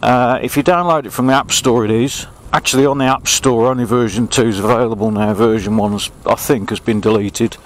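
English bloke muttering and joking on a bike ride outdoors, faint motor noise behind. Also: male voice, medium pitch, steady tone, fairly quick, few pauses, rough recording. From England. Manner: chatty, grumbling, self-mocking. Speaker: vlogger. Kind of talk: casual running commentary while riding. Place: outdoors on an old railway path.

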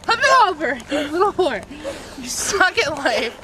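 A woman's voice: high-pitched, sing-song, a little slow. A woman goofing around at an outdoor bus stop, giggling, bossing the friend holding the camera and swearing a lot. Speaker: vlogger clowning for a camera. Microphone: handheld camcorder filmed by a friend. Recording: noisy street with passing cars.

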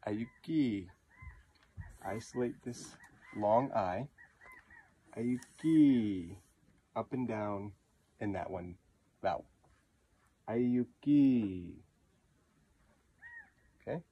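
A man giving a patient pronunciation lesson, repeating words slowly to model how they sound. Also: lowish voice, a little mellow, breathy edge. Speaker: language teacher.

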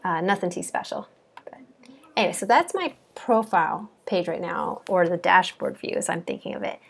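A woman's voice: lowish voice, lively intonation, moderate pace, creaky, husky. A woman, a coding bootcamp student, chatting casually and giggling as she walks through her project. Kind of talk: casual screen-share walkthrough.

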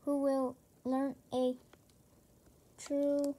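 A woman voicing a calm, thoughtful old male wizard in a children's storybook, slow and halting. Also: high voice, slight background noise. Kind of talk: reading a children's chapter book aloud.

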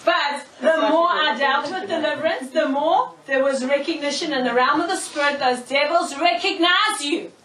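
High-voiced woman preaching. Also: normal speed, hardly any pauses, a little hiss or hum. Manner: animated storytelling, laughs often, checks in with "okay?". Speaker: preacher, prophetess. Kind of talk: sermon. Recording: echoey room, mic far off.

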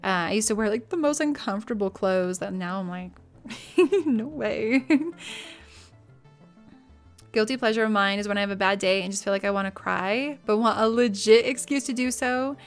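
A woman's voice: medium pitch, normal speed, clean tone, soft background music. A woman streaming live, chatting casually and laughing often while she plays a life-sim game.

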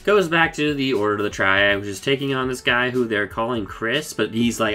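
A man giving a casual, rambling recap of a cartoon episode, excitable and full of swearing and fillers. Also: medium pitch, fairly quick, faint music behind. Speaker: show reviewer.

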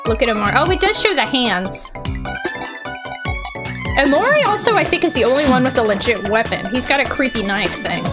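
Excitable woman gaming commentary. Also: high voice, a little fast. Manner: excitable, often yelling out; thinks aloud, unsure and chatty. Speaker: let's play host. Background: game music.

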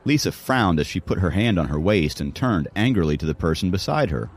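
A man's voice: deep voice, animated, a little fast, slightly rough. A man narrating an audiobook in a dramatic storytelling manner. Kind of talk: scripted narration.

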